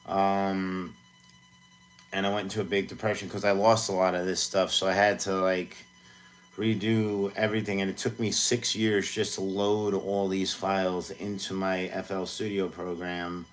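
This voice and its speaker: Man, 40s, deep voice, loose rambling livestream chatter from his home studio, self-mocking. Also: little pitch movement, moderate pace, a little hiss or hum. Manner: rambling, self-deprecating, many fillers. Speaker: music producer streaming live. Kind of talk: casual livestream chat.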